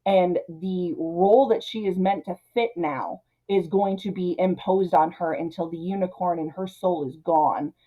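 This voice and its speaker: A woman hosting a casual film recap, chatty and animated, acting out the characters' lines in her own voice. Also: fairly low pitch, a little slow, hardly any pauses, narrow, tinny audio. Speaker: video essay host.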